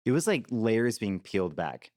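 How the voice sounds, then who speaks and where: A man's voice: fairly low pitch, sing-song, moderate pace, darkish tone, dry recording, clean studio sound. A man co-hosting a podcast about a TV drama, chatting casually and explaining medical terms from his own clinical work. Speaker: podcast co-host. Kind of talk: casual discussion of a TV episode.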